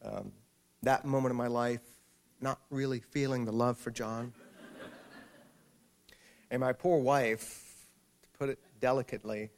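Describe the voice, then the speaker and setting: A man speaks at a mid pitch, with a gravelly edge to his voice. He is an author addressing a live audience, and he tells his anecdote with dry, self-deprecating humor. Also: fairly even intonation, unhurried, pauses often. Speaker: author giving a talk. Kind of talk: storytelling speech to an audience.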